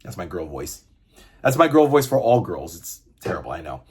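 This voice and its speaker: A man in his fifties with a husky, slightly grainy voice, talking about comics in a loose, chatty way. He rambles and gets excited, with the occasional curse thrown in. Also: deep voice, moderate pace. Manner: rambling, enthusiastic, swears casually. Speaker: comic book reviewer. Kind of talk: casual chat.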